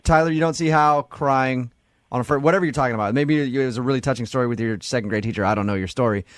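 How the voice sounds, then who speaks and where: A man's voice: mid-range voice, fast, dry recording, studio quality. A man hosting a radio show, chatting casually and teasing the guests. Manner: teasing, joking. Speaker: radio host.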